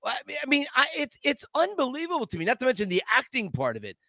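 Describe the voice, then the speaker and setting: A man's voice: very high voice, wildly swooping pitch, quick pace, vocal fry, sharp tone, no room sound, studio quality. A man co-hosting a podcast, enthusiastic and effusive, often restarting his sentences. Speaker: podcast co-host. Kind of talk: casual podcast chat.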